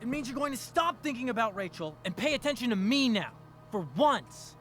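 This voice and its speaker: An actor playing a possessive, controlling teenage boy in a video game, intense and insistent with a creepy calm. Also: very high voice, fairly quick, soft background music, full character voice.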